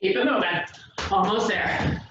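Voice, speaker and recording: A woman's voice: mid-range voice, a little slow, noisy background. A woman leading a home workout who sounds out of breath as she coaches the moves and counts down the seconds. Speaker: fitness instructor. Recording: echoey room, distant mic, dull sound.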